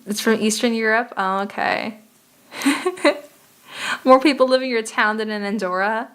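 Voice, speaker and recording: A woman's voice: fairly high pitch, a little slow, a bit bright, clean tone. A young woman streaming a geography game, chatting casually and muttering profanely in exasperation as she plays.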